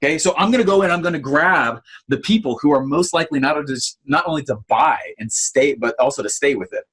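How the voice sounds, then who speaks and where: A man giving an online marketing training, telling stories in an animated way with lots of fillers. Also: on the high side, quick pace, husky. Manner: animated storytelling with many fillers.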